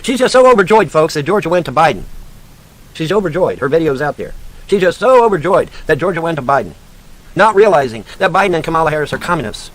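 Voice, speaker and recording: A man's voice: on the high side, lively intonation, fast talker. A man delivering an angry, profane rant, mocking and lecturing like a sarcastic teacher. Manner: profane, mocking, shouting insults at a named woman. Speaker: online commentator.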